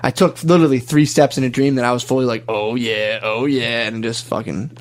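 A man's voice: mid-range voice, fast, a little mellow. Young guy talking loose and sweary, says dude every other line. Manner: rambling, profane storytelling with lots of "dude". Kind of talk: casual chat.

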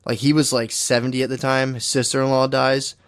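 A man's voice: mid-range voice, little pitch movement, fairly quick. A young man in casual crude chat, rambling through stories, saying "dude" constantly and laughing often.

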